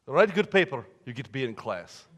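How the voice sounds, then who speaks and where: A man voicing a gruff male math professor in a put-on Russian accent, speaking terse, broken English. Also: mid-range voice, big pitch swings, normal speed, a bit bright, pitched below the performer's own voice. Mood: curt. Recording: long hall reverb.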